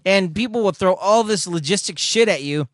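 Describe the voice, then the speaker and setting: A man's voice: high-pitched, normal speed, dry recording. Man co-host, easygoing slangy chat, dry close sound. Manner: laid-back, agreeable, slangy. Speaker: podcast co-host. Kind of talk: casual chat.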